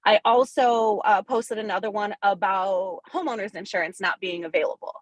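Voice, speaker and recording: A woman real estate agent sharing her wins on a coaching call, candid, excited and quick to swear. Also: mid-range voice, no room sound, rough recording. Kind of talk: casual testimonial in a coaching call.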